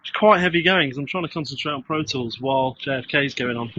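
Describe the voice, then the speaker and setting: A man's voice: medium pitch, fast, sharp tone, highs cut off, slight background noise. A man chatting casually while live-streaming from his phone on a walk outdoors. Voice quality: chatty, joking, reads out comments. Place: outdoors on a street. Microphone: phone held while walking.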